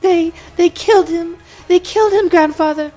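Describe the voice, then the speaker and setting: A man voicing a grief-stricken young princess with high, wailing, tearful cries. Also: moderate pace, darkish tone, soft background music. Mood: sobbing.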